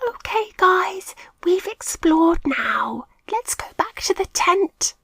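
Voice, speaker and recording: A woman's voice: very high-pitched, moderate pace, no echo, voice pushed up. A woman voicing a timid, easily frightened young boy mouse who trembles, pleads and whispers in a storybook. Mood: whispering.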